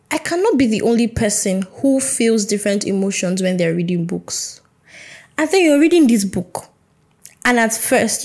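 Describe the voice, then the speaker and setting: A woman's voice: medium pitch, a little mellow. A young woman hosting a podcast, talking in a chatty, playful way and acting out little conversations. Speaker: podcast host. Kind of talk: casual solo podcast chat.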